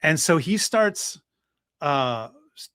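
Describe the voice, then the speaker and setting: Animated man telling church history. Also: fairly high pitch, slow, clear, resonant tone, dry recording. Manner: animated storyteller, lots of fillers and restarts. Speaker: guest priest. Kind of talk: storytelling history talk.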